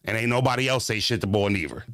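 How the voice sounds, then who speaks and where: A man's voice: fairly low pitch, expressive, quick pace, fairly bright tone, no room sound, studio quality. A man hosting a livestream, telling stories in profane, slangy street talk and talking straight to his viewers. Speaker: livestream host. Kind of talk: casual livestream chat.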